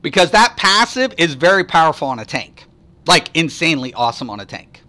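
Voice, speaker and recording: A man's voice: on the high side, big pitch swings, a little fast, sharp tone. A man chatting casually on a live stream, answering viewers at length with rambling, profane rants and lots of fillers.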